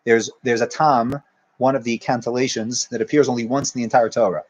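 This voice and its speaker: A man's voice: mid-range voice, steady tone, a little fast. A man teaching a Torah class as a rabbi, talking his ideas through with frequent restarts and Hebrew terms. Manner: discursive, many restarts, uses Hebrew terms.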